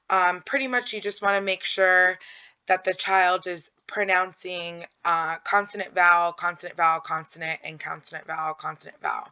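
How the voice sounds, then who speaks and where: A woman's voice: lowish voice, fairly even intonation, moderate pace, pushed and bright, smooth. A woman narrating a slideshow lesson on early child development, explaining with frequent ums and acting out simple prompts to a child. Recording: dull lo-fi audio.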